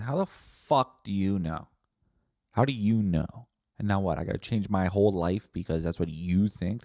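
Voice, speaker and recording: A man hosts a solo podcast in a low voice, rambling from one thought to the next. His tone is warm and dark, and he swears bluntly. The recording is close and dry, with no room echo. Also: gravelly. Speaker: podcast host. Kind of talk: casual solo podcast monologue.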